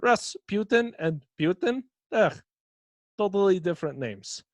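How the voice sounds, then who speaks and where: A man voicing a boastful, filthy Russian mad-monk cult leader in a loud mock-Russian accent drifting toward mock French, with pompous broken grammar. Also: sits high, expressive, a little slow, dry recording, pitched above the performer's own voice.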